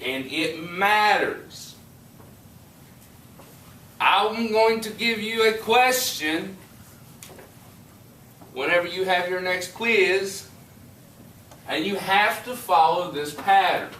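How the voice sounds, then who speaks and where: A man teaching a high school chemistry class, joking and teasing his students as he explains. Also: takes it slowly, long pauses, sharp tone, slight background noise. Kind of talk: classroom lecture. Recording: echoey classroom from a distance.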